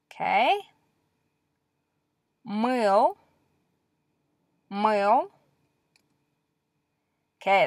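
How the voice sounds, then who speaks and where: A woman teaching a language lesson as a recorded lecture, explaining patiently step by step and leaving pauses for practice. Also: mid-range voice, fairly bright tone, no echo, studio quality.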